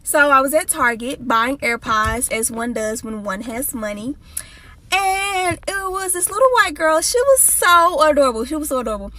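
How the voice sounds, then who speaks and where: A woman telling a casual storytime, wry and animated. Her voice is high and bright. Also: measured pace, no echo.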